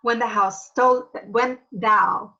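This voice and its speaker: A woman's voice: medium pitch, fairly even intonation, slow, gravelly, pushed and bright, highs cut off, exaggerated voice. A woman voicing a proud, jealous fairy queen who speaks in an imperious, accusing way. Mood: stately. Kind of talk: theatrical acting demo.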